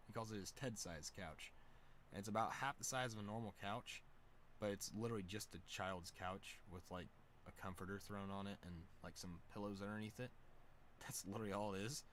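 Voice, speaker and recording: Rambling young man telling a story. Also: a little hiss or hum. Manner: rambling, laughs often, full of fillers and slang; excited, louder and higher when amused. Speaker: streamer. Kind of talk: casual storytelling chat.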